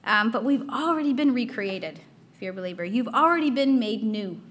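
A woman's voice: on the high side, animated, fairly quick, a bit bright, a little hiss or hum. A young adult woman giving a casual devotional talk, earnest, reading quotations aloud with frequent fillers.

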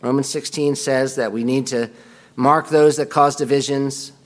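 A man's voice: medium pitch, steady tone, measured pace. A man teaching a Bible class in a conversational way, reading quotations aloud and commenting on them.

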